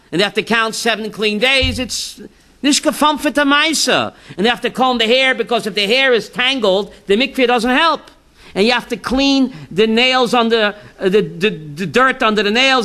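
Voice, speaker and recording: High, bright-voiced rabbi teaching with jokes. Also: male voice. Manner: keeps asking "right?", jokes and tells stories to the audience; breaks into shouted punchlines. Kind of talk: informal Torah class with jokes.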